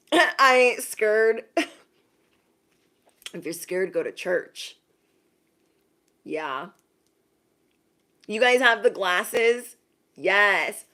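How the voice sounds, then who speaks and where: Her pitch fairly low, a young woman hosts a casual livestream as an intuitive reader. She's animated, laughs often, and thanks each viewer by name.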